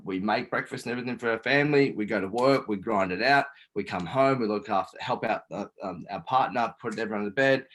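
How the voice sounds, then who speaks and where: A man's voice: lowish voice, fairly bright tone, low-quality recording. A man guest speaking in an interview, an earnest coach who swears casually as he guides and explains. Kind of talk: guiding a breathing exercise and talking in an interview.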